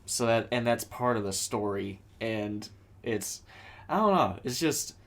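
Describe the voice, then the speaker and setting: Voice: medium pitch, animated, unhurried, a bit bright. Casual podcast co-host, loose rambling movie talk. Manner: rambling, many likes and ums.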